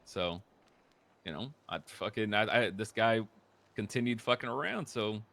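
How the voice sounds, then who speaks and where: A young man casually recounting a roleplay story, profane and animated, dropping into low mutters when quoting people. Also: moderate pace, gravelly. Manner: profane, animated, quotes others in muttered voices.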